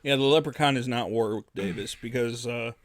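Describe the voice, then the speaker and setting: A man's voice: medium pitch, fairly quick, dry recording. A young man co-hosting a movie review podcast, a little buzzed, recapping plot points in a dry, matter-of-fact way. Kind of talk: casual movie review chat.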